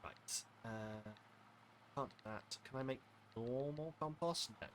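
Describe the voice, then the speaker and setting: A man's voice: mid-range voice, slow, noisy background. A young man streaming a farming game, chatting to his viewers in a rambling, self-mocking way. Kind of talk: casual live-stream chat while playing. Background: game music.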